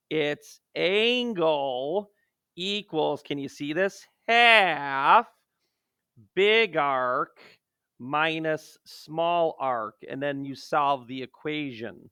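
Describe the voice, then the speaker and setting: A math teacher with a slightly high, somewhat bright, clear and resonant voice works through a geometry lesson, joking and self-deprecating as he swings between playful outbursts and muttered asides. The recording is studio quality with no echo.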